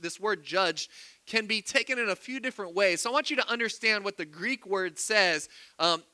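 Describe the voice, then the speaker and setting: High, very bright-voiced young pastor. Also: male voice, no echo. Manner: conversational, quizzes the congregation. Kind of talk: sermon.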